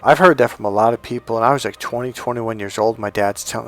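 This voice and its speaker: A man working as a dating coach, telling a story in a casual, profane, animated way and acting out the voices of the people in it. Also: medium pitch, fast, hardly any pauses.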